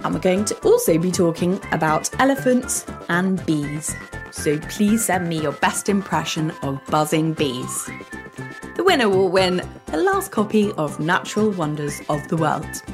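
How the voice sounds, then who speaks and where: A woman hosting a children's show, her voice rising and falling a lot as she explains things to young listeners. She reads a script at a measured, animated pace. Soft music plays clearly behind her. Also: lowish voice. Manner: bright, animated, explaining things slowly for kids. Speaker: children's podcast host.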